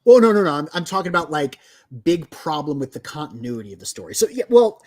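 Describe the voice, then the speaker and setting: Lively man picking apart a comic. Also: a little high, quick pace, no echo. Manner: animated, picky about details. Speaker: podcast co-host. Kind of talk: casual chat reviewing comics.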